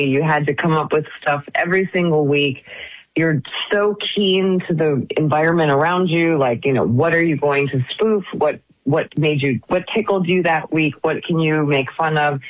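A woman speaks in a chatty, expressive way as an interview guest. Her voice comes through a muffled, lo-fi phone line with no room sound around it. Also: low-pitched, moderate pace, dry recording. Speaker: actress guest. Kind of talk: casual interview chat.

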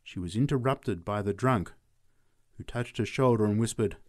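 A man's voice: lowish voice, normal speed. A man reading short stories aloud as narrator, acting out voices. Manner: expressive, acts out voices.

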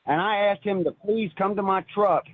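A man calling in to a radio show and telling a personal story in an earnest, halting way, with many restarts. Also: high-pitched, husky, no room sound. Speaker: caller. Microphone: phone. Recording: tinny phone line.

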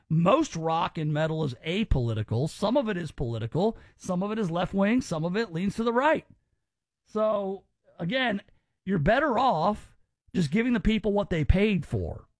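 A man's voice: high voice, lively intonation, normal speed, no echo, clean studio sound. A man hosting a radio talk show, chatting casually and giving his opinions in a conversational way.

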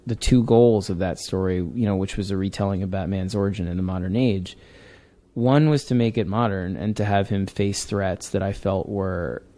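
Earnest, low-voiced comic writer. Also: male voice, fairly even intonation, normal speed, warm tone. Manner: earnest, rambling, with many restarts. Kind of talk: casual interview talk.

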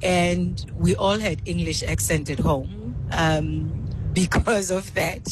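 A woman in her forties calling in to a radio show, speaking in a measured way. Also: fairly low pitch, noisy background. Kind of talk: casual radio call-in chat.

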